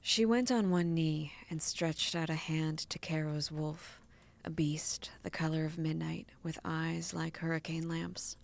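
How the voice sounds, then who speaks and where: A woman's voice: low-pitched, fairly even intonation, measured pace, gravelly, hardly any pauses. A woman streamer reading a romance novel aloud to her co-host in an amused way, breaking into laughter now and then.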